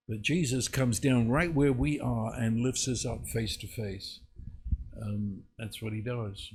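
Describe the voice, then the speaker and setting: Male preacher, slow, earnest, mid-pitched, builds to emphatic peaks. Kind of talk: webinar Bible teaching.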